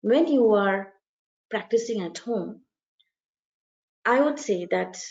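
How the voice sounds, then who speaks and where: A woman's voice: mid-range voice, lively intonation, takes it slowly, vocal fry, a little mellow, muffled recording. A woman teaching an exam speaking lesson, explaining step by step with examples and stressing key words. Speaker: IELTS speaking coach. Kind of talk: video lesson.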